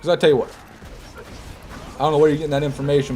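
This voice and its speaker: A man's voice: a little high, racing, pauses often, dark tone, faint music behind. Joking American man streaming games. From Michigan, USA. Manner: joking, rambling, talks to chat. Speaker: gaming streamer. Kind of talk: casual livestream commentary.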